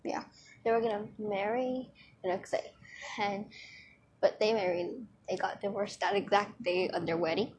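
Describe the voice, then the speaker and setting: A woman's voice: mid-range voice, fairly even intonation, moderate pace, a little mellow, breathy edge, poor audio. A teenage girl chatting casually to her viewers in a rambling, distracted way, full of fillers, with a dry throat. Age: teens. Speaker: vlogger.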